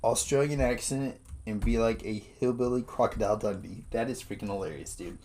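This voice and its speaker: A man co-hosting a casual podcast, excitable and chatty, swearing casually and saying "dude" a lot. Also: on the low side, fairly quick, very noisy. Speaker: podcast co-host. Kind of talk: casual chat.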